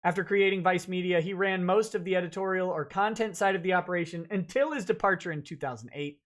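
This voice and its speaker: A man's voice: high voice, fast, fairly bright tone. A man hosting a live stream, reading a lawsuit complaint aloud and breaking off for blunt, jokey, sarcastic asides. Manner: reads dense legal text aloud, breaking off for sarcastic asides. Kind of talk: live-stream legal commentary.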